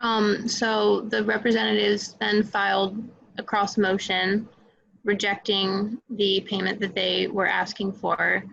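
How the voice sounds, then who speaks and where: A woman's voice: medium pitch, little pitch movement, slow pace, gravelly, fairly bright tone, lo-fi sound, slight background noise. A woman answering in a law class, hesitant, with fillers and self-corrections. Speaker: law student.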